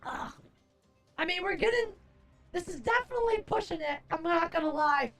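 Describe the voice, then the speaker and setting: A woman streamer chatting casually, answering chat aloud, groaning, swearing and expressive. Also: very high-pitched, moderate pace, gravelly, soft background music. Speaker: livestreamer.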